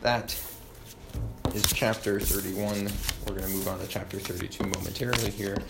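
A young man reviewing history fast, with lots of ums and uhs, over faint background noise. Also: lowish voice, fairly even intonation. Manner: quick, with many ums and uhs. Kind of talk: rapid study review.

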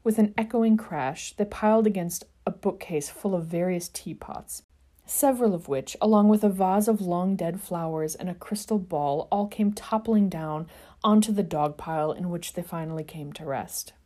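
A woman's voice: fairly low pitch, normal speed, mellow. A woman podcast host reading fan fiction aloud and chatting with wry, dry asides. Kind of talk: narrated fan fiction reading and casual chat.

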